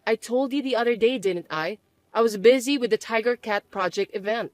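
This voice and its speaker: A woman voicing a calm young businesswoman who answers in a cool, measured, dry way. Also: a little high, no echo, close to an everyday voice. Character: calm self-made businesswoman, young adult. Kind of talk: dramatized story dub.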